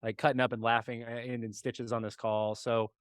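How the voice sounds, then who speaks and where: A man from Dallas hosts a podcast and chats enthusiastically with his guest over a call. He talks fast, and his voice is smooth and clear with a dry, close sound. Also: mid-range voice, flat delivery, no room sound. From Dallas, Texas. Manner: friendly, enthusiastic interviewer with filler words. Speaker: podcast host. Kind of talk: casual interview. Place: remote call.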